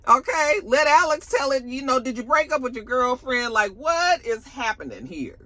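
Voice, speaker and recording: A woman recapping a reality show in a blunt, sassy way, swearing freely and acting out the cast. Her voice is bright and forward. Her pitch leaps and dips all through her talk. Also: expressive, normal speed, hardly any pauses, dry recording. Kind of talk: casual TV recap commentary.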